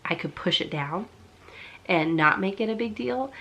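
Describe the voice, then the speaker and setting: A woman's voice: mid-range voice, lively intonation, normal speed, pushed and bright. A young woman talking candidly in a personal vlog, congested from a cold, chatty and confessional with nervous laughs. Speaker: vlogger.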